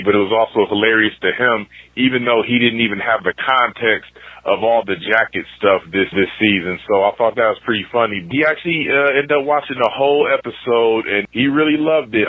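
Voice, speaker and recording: A man's voice: lowish voice, no room sound. A man calling in to a podcast, chatting in a rambling, enthusiastic way over a phone line. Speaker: caller. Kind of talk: casual voicemail recap. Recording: tinny phone line, dry.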